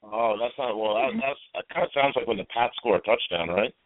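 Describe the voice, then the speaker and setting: A man's voice: medium pitch, brisk, no echo. A man calling in as a guest on a live show, joking around in a playful way. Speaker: guest caller. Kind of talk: casual phone interview. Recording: tinny phone-line sound.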